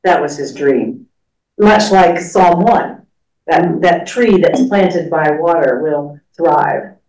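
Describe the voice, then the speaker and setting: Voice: mid-range voice, slow, darkish tone. Church study teacher, conversational, filler-heavy, echoey room, distant mic. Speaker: class leader. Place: church classroom.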